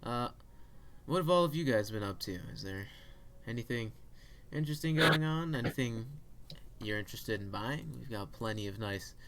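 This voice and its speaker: A man voicing a friendly, talkative male shopkeeper in a fantasy armor shop, pitched a bit above his own voice. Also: expressive, normal speed, fairly bright tone, slight background noise. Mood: chatty. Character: male shopkeeper Kelly, chatty armored salesman.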